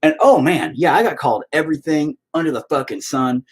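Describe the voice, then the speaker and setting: Man in his 40s, husky voice, lively swooping pitch, cussing, heated casual rant. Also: a little fast. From Oklahoma. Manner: profane, heated, animated storytelling.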